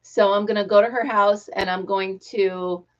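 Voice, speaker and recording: A middle-aged woman hosting a casual live stream, talking excitedly and telling stories with quoted voices. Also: medium pitch, normal speed. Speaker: livestream host. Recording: dull lo-fi live-stream audio.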